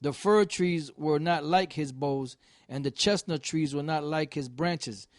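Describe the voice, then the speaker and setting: A man reading scripture aloud slowly and deliberately for a study group. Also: fairly high pitch, no echo, clean studio sound. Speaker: scripture reader.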